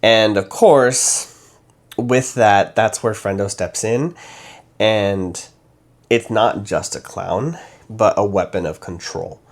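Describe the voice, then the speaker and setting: A man chats through a book review while applying makeup, in a low-pitched, slow voice. He rambles, leans on fillers and corrects himself often.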